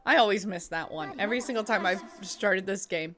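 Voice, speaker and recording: Young woman, casual game commentary, chatty, jokey, mid-pitched, faint music behind. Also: fairly quick, hardly any pauses. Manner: chatty, laughs often, joking asides. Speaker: streamer.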